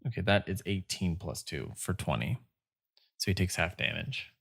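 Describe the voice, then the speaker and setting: A man narrating as game master of a tabletop game, slow and halting with many fillers. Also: deep voice, creaky, a bit bright, breathy edge, no room sound, studio quality.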